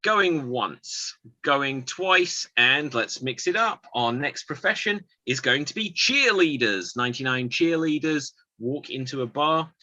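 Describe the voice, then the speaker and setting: A man with a very bright, tense voice hosts an improv game over a video call, talking slowly. The audio is dull and lo-fi, with a dry, close sound. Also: mid-range voice, animated, dry recording. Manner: drawn-out, playful calling on players. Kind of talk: hosting an online improv game.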